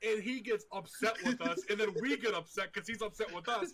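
A man's voice: high voice, fairly quick, crowd noise. A man with a slightly raised voice talks emphatically in a casual chat about games. He teases his friends and swears freely. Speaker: podcast co-host.

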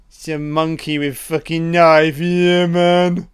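A man giving a crude, profane, excitable running commentary on a film, calling the characters love and baby. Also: fairly high pitch, slow, smooth.

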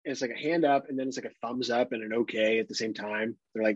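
Husky man riffing sarcastically. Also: medium pitch, steady tone, fast talker, few pauses, no echo. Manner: joking, sarcastic riffing with swearing. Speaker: podcast co-host. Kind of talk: casual chat. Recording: dull dry sound.

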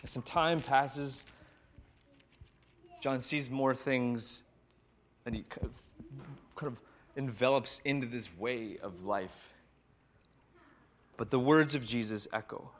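Male pastor telling a sermon story, unhurried, reflective, with long pauses. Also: mid-range voice. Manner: slow, reflective, with dramatic pauses.

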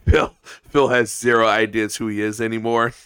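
Male co-host, smooth voice, blunt joking chat. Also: lowish voice, little pitch movement, moderate pace, fairly bright tone. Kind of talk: casual podcast chat.

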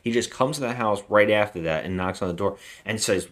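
A man's voice: on the low side, brisk, hardly any pauses. A man co-hosting a podcast, retelling a film's plot in casual, rambling chat. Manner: rambling retelling with acted quotes. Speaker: podcast co-host. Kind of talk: casual movie recap chat.

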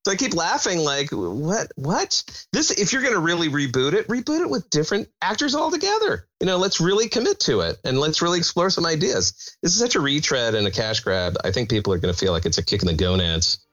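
A man's voice: a little high, lively intonation, fast, hardly any pauses, a bit bright. A man, a film critic, gives a sardonic casual review, laughing often, over a muffled lo-fi remote line.

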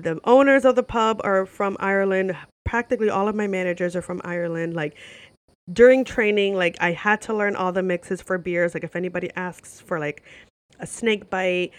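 Animated young American woman, storytelling. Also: fairly low pitch. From United States. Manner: animated, swearing, lots of "like" fillers. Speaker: vlogger telling a travel story. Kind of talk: casual storytelling to camera.

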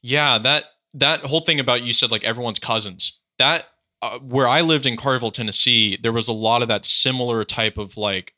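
A man from California chatting casually on a podcast, relaxed and joking, wandering through his thoughts. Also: mid-range voice, moderate pace. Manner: relaxed, joking, rambling with fillers. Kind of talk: casual chat.

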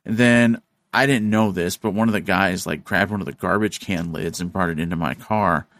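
A man hosting a podcast, telling a story in casual chat, animated and profane, acting out the voices of the people in it. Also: deep voice, moderate pace, slight background noise. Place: studio.

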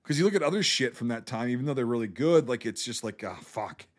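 Male co-host, mid pitch, emphatic, profane, casual delivery. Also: animated, fast. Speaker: podcast co-host. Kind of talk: casual film podcast chat.

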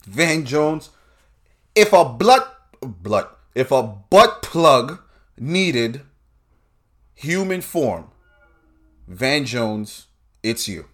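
A man delivering a profane political rant to his audience. His tone swings between loud bursts and low, drawn-out asides. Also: very animated.

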